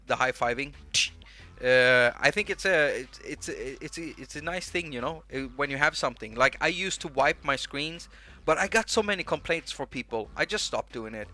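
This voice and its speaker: Swedish-accented man, livestream host, bright tone, scattered rapid chatter over faint music. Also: on the high side. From Sweden. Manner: rambling, rapid-fire, jumps between thoughts. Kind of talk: casual livestream chat. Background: faint music track.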